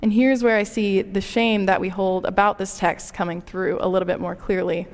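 Woman giving a chatty relatable sermon, middle pitch, big hall reverb. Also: level tone, moderate pace. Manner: conversational, relatable preaching with personal anecdotes. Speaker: preacher.

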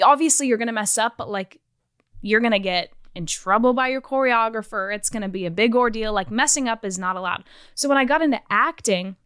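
A woman's voice: medium pitch, a bit bright, smooth, no room sound, studio quality. A young adult woman, an actress and former dancer, chatting casually as a podcast guest, filling her talk with "like". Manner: chatty, peppered with "like". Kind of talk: casual interview chat.

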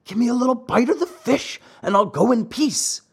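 A man's voice: very high voice, expressive, moderate pace, slightly rough, voice pushed up, full character voice. A man doing a kindly earnest dog. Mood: begging. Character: kindly hungry male dog. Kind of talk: audiobook character voice.

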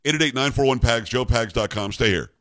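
A man's voice: medium pitch, fast talker, fairly bright tone. Indignant talk radio host, man. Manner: indignant, sarcastic. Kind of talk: political talk radio monologue.

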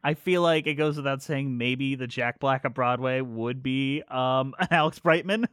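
Podcast host, teasing and witty; dry booth sound, middle pitch. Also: fairly bright tone, smooth, dry recording. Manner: playful and quick-witted, teasing guesses. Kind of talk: casual podcast chat.

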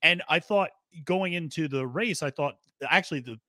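A man's voice: a little high, normal speed, pushed and bright, no echo, clean studio sound. A man appearing as a guest on a horse racing podcast, talking in an easygoing, casual way with lots of fillers. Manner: easygoing, filler-heavy talk.

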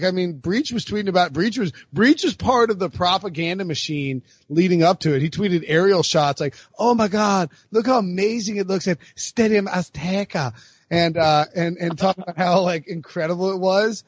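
A man's voice: high-pitched, husky, no echo, muffled recording. Rambling man on a sports podcast. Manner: rambling, laughs often, many fillers. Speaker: podcast co-host. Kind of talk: casual sports podcast banter.

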